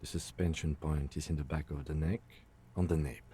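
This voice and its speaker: A man playing a calm, methodical police lieutenant in a video game, dictating an autopsy in a measured, dry way. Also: extremely low pitch, breathy edge, full character voice. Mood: calm, clinical. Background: faint game music.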